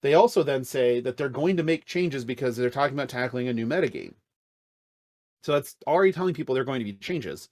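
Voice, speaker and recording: A man's voice: medium pitch, lively intonation, quick pace, a little mellow, no room sound, studio quality. Blunt, profane man ranting on a podcast. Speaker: podcast co-host. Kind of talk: casual chat.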